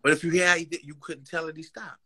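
A man's voice: on the high side, fast, slightly rough. A man with a New York accent, a rapper telling street stories in a casual interview, full of slang and acted-out quotes. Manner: animated street slang, acts out quotes, frequent laughs.

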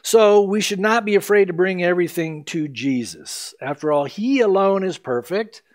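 With a high-pitched, expressive voice at a moderate pace, this middle-aged pastor preaches verse by verse in an earnest, conversational way, stressing the lines he quotes.

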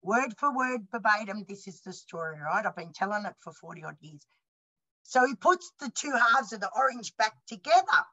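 A woman in her fifties with an Australian accent, telling a story on a panel bluntly and with lively acted-out dialogue. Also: mid-range voice, normal speed, poor audio. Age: 50s. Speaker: panelist and university student.

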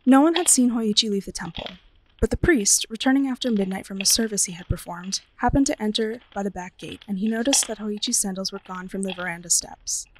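A woman librarian reading a ghost story aloud in an expressive, dramatic storytelling manner. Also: medium pitch, fairly quick, a little hiss or hum, poor audio.

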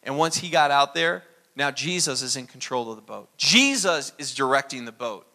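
A man preaching a sermon as pastor, animated and acting out little dialogues. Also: medium pitch, normal speed.

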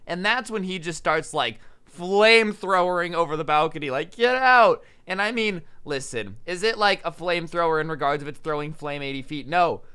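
A young man, a storytime vlogger, telling a story in a casual, animated way, often saying "like" and shouting out the lines he quotes. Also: on the high side, fairly quick, clear, resonant tone.

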